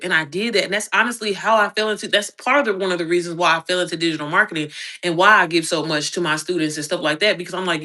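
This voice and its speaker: A woman's voice: steady tone, very fast, sharp tone. A young adult woman from Indianapolis, Indiana, giving a blunt, profane, fired-up livestream pep talk as an online business coach. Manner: slides into high squeaky voices when mimicking others. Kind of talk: casual livestream rant.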